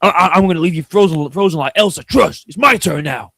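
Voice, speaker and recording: A man's voice: high voice, fast talker, gravelly, bright, forceful tone, no room sound, clean studio sound, full character voice. A man putting on a crude, cocky male fighter taunting a teammate, in a boastful way.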